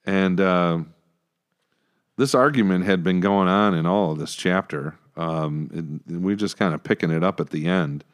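A man co-hosting a casual Bible study discussion, talking it through in a relaxed way with many fillers. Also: deep voice, moderate pace. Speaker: co-host discussing scripture.

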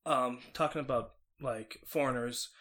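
A man living abroad, talking casually and excitably with friends. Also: mid-range voice, measured pace. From foreigner living in Japan. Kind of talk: casual chat.

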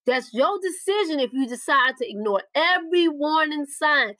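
A woman's voice: high voice, lively intonation, normal speed, bright, forceful tone, dry recording, rough recording. A woman preaching a podcast sermon, urging listeners with repeated warnings and direct appeals. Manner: urgent, repetitive exhortation, speaks directly to listeners.

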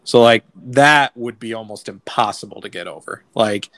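A man's voice: on the low side, normal speed, fairly bright tone, no echo. Casual man hosting a film chat. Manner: loose, filler-heavy, enthusiastic. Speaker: podcast host. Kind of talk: casual movie discussion.

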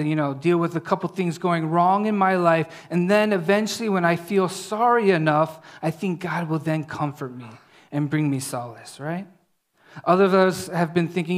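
A preacher giving a conversational sermon, often checking in with the listeners and dropping to a soft, hushed voice when reading scripture. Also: mid-range voice. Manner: conversational, often asks "right?".

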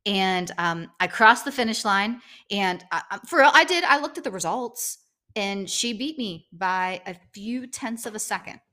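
A middle-aged woman co-hosting a podcast, telling a story in a casual chat and acting out the quotes with big jumps in pitch. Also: expressive, moderate pace, bright, forceful tone. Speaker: podcast co-host.

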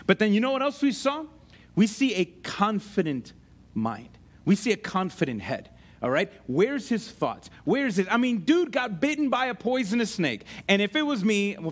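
A man preaching a sermon, animated and conversational, with casual slang and asides to his congregation. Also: fairly high pitch. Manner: conversational, uses slang like "ain't" and "dude". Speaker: pastor.

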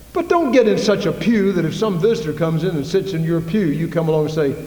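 High-voiced preacher in an echoey church. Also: male voice, animated, normal speed, long pauses, mellow, slight background noise. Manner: emphatic, rhetorical questions to the congregation. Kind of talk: sermon. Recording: echoey hall reverb.

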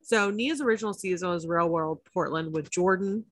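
A woman podcast co-host in casual chat, talking fast with swearing and animated asides. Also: fairly low pitch. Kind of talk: casual chat about reality TV.

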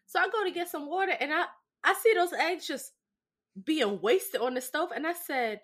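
A young adult woman co-hosting a podcast, telling stories in a lively, profane, casual way and often asking "right?". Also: high-pitched, fairly quick. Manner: animated, profane storytelling with lots of "right?". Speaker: podcast co-host. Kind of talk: casual chat.

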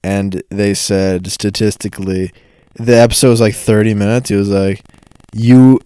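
A man's voice: on the low side, little pitch movement, moderate pace, darkish tone, clean tone, no echo. A man co-hosting a casual podcast, teasing his co-host bluntly and swearing freely.

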